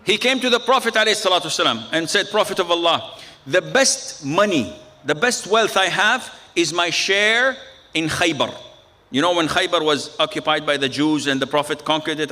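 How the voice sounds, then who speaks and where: A man's voice: a little high, sharp tone. A man preaching a sermon, telling stories with quoted dialogue and frequent phrases. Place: mosque or Islamic center.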